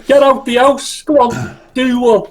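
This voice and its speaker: A man putting on a grumpy old Liverpool dock worker with a Scouse accent and a slow, grumbling delivery. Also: extremely high pitch, steady tone, pitched above the performer's own voice, full character voice.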